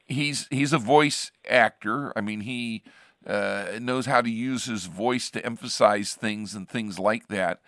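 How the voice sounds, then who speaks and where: A man's voice: on the low side, slow, fairly bright tone, no echo, studio quality. A man hosting a radio program as a pastor, chatting casually and rambling with frequent restarts. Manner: rambling, restarts sentences often. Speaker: radio show host, pastor.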